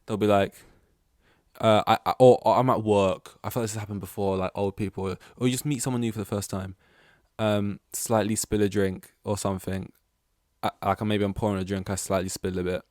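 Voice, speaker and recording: A man's voice: fairly low pitch, steady tone, brisk, a little mellow, no room sound, studio quality. A man hosting a solo podcast, rambling and self-deprecating, swearing casually. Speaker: podcast host.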